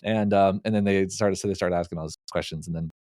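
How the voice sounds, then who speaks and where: A man, a podcast guest, telling an animated anecdote in casual conversation, often restarting his sentences. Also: low-pitched, fast talker, no room sound, clean studio sound. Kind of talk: casual storytelling.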